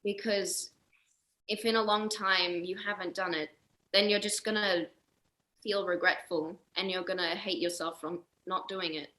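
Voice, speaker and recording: A woman's voice: fairly low pitch, steady tone, a little slow, pushed and bright. A teenage Australian girl answering interview questions over a video call, hesitant with many ums and little laughs. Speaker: guest, young singer.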